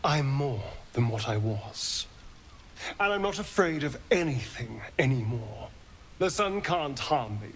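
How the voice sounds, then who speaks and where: A man's voice: mid-range voice, sing-song, measured pace, slight background noise. An actor playing a sly, arrogant young-looking male vampire spawn in a video game, with a smug, mocking, theatrical delivery. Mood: defiant.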